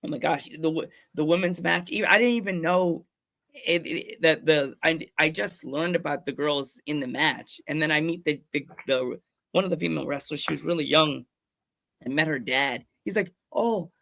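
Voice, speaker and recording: Gravelly excitable male podcast host. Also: a little high, normal speed. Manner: excitable, stumbling, laughing often. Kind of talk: casual chat, storytelling.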